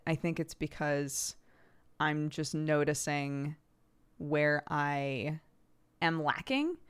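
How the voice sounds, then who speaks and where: A woman's voice: low voice, smooth. An American woman streamer in a rambling, self-reflective casual chat with her viewers, laughing often.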